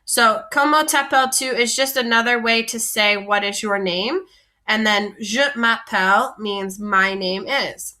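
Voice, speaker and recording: Bright-voiced woman teaching vocabulary. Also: a little high, unhurried. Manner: patient, explanatory, repeats and recaps. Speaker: French teacher. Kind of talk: classroom vocabulary lesson.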